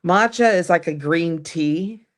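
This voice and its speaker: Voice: mid-range voice, slow. A livestream host in casual chat, talking in a rambling, chatty way that often trails off mid-sentence.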